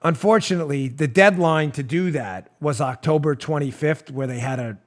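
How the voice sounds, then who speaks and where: A man in his forties hosting a talk show, ranting with animated, mocking humor and frequent laughter. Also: a little high, moderate pace. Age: 40s. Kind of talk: comedic political talk.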